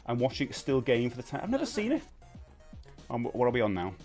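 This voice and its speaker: A man's voice: mid-range voice, huge pitch swings, brisk, a little mellow, soft background music. A man from the UK hosting a casual live stream, chatting loosely and reading out viewer comments, laughing often. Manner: chatty, laughs often, many fillers and restarts. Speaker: livestream host.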